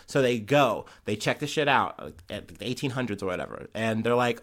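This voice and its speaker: A man's voice: medium pitch, animated, brisk, hardly any pauses, a bit bright. Profane man ranting over news. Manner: profane, rambling, heated asides. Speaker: podcast host. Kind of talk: casual news commentary.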